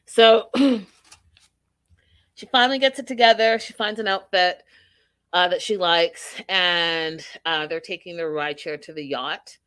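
A woman's voice: on the low side, steady tone, a little slow, a bit bright, clear, resonant tone, dry recording. A woman casually recapping a reality show, opinionated and full of rhetorical questions.

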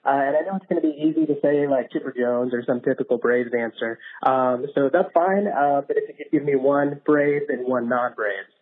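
A man's voice: medium pitch, brisk, hardly any pauses, slightly rough. A man leaving a hesitant, rambling voicemail for a podcast, with many fillers. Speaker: caller. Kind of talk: voicemail message. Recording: tinny phone voicemail.

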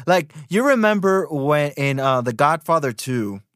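A man in his thirties who hosts a casual podcast and rants through his stories, with lots of "um"s, "like"s and restarts. His voice sits a little high for a man. The recording is close and dry, with no room sound. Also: a little slow, no room sound. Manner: animated storytelling with many fillers. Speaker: podcast host.

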